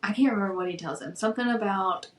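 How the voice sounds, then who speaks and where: A woman's voice: mid-range voice, quick pace, roomy sound, far from the mic, rough recording. A woman co-hosting a podcast, recapping a book's plot in a chatty, playful way. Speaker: podcast co-host. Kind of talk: casual book-review chat.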